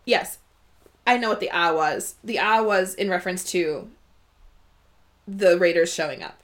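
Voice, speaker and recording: A woman's voice: fairly low pitch, a little slow. A woman co-hosting a casual book discussion, giggly and enthusiastic as she goes through her notes. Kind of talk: casual chat.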